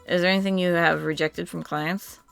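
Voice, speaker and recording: A woman's voice: fairly low pitch, fairly even intonation, brisk, gravelly, a bit bright, clean tone, no room sound, faint music behind. A woman co-hosting a let's-play, reading game dialogue aloud with playful, giggly banter.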